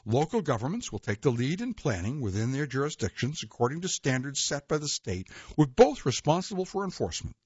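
Husky man reading nonfiction aloud, lively pitch. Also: no room sound. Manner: measured reading with occasional slips and self-corrections. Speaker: reader. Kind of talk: read-aloud nonfiction narration. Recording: dull lo-fi dry recording.

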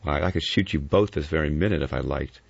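A cool, sardonic adventurer who speaks softly and mockingly, as a male reader puts him on. His voice is very deep with a gravelly edge, and the audio is dull and close. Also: quick pace, no echo, heavily acted. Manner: soft, mocking delivery. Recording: dull lo-fi recording.

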